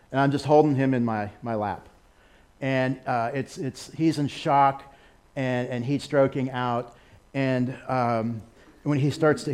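An American man giving a sermon over a slideshow, animated, with laughing asides and excited exclamations. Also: mid-range voice. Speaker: missionary speaker.

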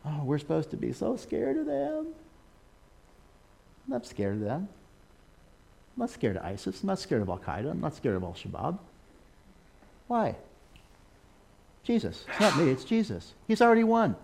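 An American man giving a sermon over a slideshow, animated, with laughing asides and excited exclamations. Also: a little high, moderate pace, creaky, pauses often. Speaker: missionary speaker.

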